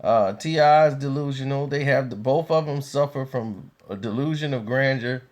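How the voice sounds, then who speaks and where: A man talking casually to his viewers in an unhurried, conversational way, laughing easily. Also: mid-range voice, darkish tone. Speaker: video commentator.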